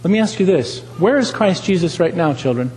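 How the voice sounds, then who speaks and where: A man's voice: sits high, animated, fairly quick, darkish tone, long reverb tail, poor audio. A man preaching a sermon, talking with animation, asking the congregation questions and repeating lines for emphasis.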